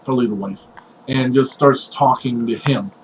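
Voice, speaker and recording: A man's voice: mid-range voice, moderate pace. Guy running a tabletop game, lots of "like" and "uh", mic kinda far, faint hiss. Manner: rambling, many fillers. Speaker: game master. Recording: distant mic with faint noise.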